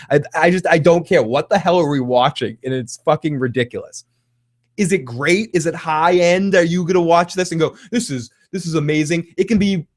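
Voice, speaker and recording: A man's voice: a little high, no echo, studio quality. A man hosting a casual livestream TV recap, talking in a profane, rambling way and laughing often. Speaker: TV recap host.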